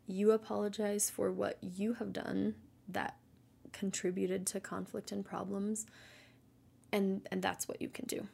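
A Christian mother giving an earnest, gentle devotional talk in a casual way, often dropping to a soft near-whisper. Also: medium pitch, little pitch movement, measured pace, vocal fry, husky.

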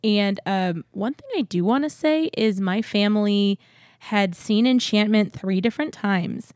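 A woman's voice: medium pitch, a little slow, a little mellow, no room sound, clean studio sound. Chatty female podcast co-host. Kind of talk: casual chat.

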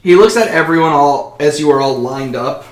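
A man's voice: fairly high pitch, moderate pace, roomy sound. A man narrating a tabletop role-playing game as game master, casually and with frequent ums.

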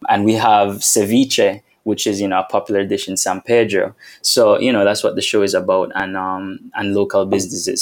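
Young guest from Belize: low, even-toned voice, laid-back interview chat. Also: male voice. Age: young adult. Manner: easygoing, laughs along, uses fillers. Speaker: podcast guest, film student.

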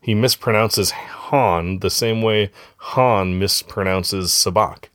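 Low-pitched male host, casual and chatty, dry close mic. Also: slow, clean tone, no room sound. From grew up among Norwegian Americans. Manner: relaxed, chatty, says "right?" often. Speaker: podcast host. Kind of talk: casual family chat.

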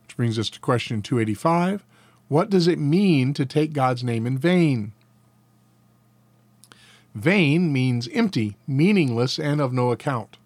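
A man's voice: mid-range voice, animated, unhurried, a little mellow, dry recording. Male Bible teacher reading catechism answers with folksy, chuckling asides; mid-range voice, dry recording. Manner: reads answers, then adds folksy chuckling commentary. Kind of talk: catechism lesson with casual asides.

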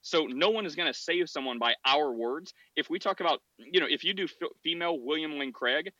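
A man's voice: fairly high pitch, a little fast, pushed and bright, no room sound, dull audio. A man hosting a podcast, arguing in a casual debate with frequent restarts and short laughs. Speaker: podcast host.

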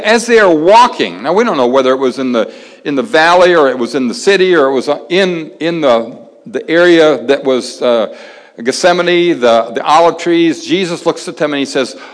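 A man preaching a sermon with a slightly raised pitch, talking to the congregation like a conversation. He slows down and drops almost to a hush to make a point. His voice rings with the long reverb of a big hall. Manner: conversational, dramatic pauses, drops to near-whisper for emphasis.

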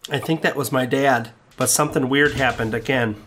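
A man's voice: mid-range voice, steady tone, fairly quick, fairly bright tone, slight background noise. A man playing a tabletop game in character, speaking in an insistent, earnest way. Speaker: player.

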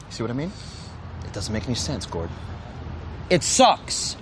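A man's voice: medium pitch, sing-song, measured pace, vocal fry, noisy background. An actor playing a blunt, exasperated male studio executive who swears and talks impatiently in a film scene. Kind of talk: film dialogue.

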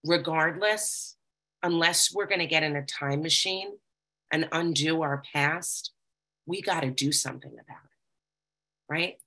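Low, gravelly woman sharing her recovery. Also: unhurried, long pauses, bright, forceful tone, poor audio. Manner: earnest, confessional, reads passages aloud then reflects. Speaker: speaker sharing recovery experience. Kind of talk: personal recovery talk.

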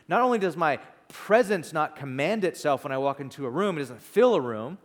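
A man's voice: on the high side, animated, brisk, natural voice. A man doing Moses, anxious and stammering. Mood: pleading. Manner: whiny, self-deprecating, stammering. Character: doubtful, pleading male leader Moses. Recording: long reverb in a hall.

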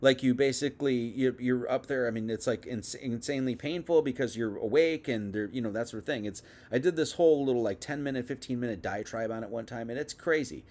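A man's voice: medium pitch, a little fast, few pauses, darkish tone. A young man giving a casual, conversational Bible teaching, full of asides and restarts. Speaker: preacher.

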